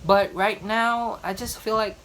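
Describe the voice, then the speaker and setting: A woman's voice: mid-range voice, steady tone, unhurried, fairly bright tone, slight background noise, low-quality recording. A young woman from the Philippines, vlogging in a chatty, emphatic way and often repeating herself for effect. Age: young adult. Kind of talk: casual chat.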